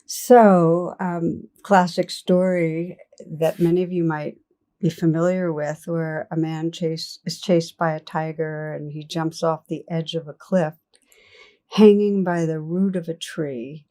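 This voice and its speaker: An older woman giving a reflective meditation talk, gently telling stories and laughing softly. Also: deep voice, steady tone, takes it slowly. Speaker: meditation teacher. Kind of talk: dharma talk.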